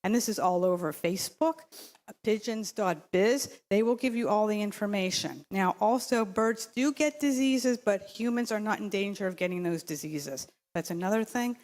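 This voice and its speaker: Her voice is mid-range and a little mellow, moving at normal speed. She's making a public comment at a city council podium microphone, pressing her point insistently while rambling, restarting, and using lots of fillers.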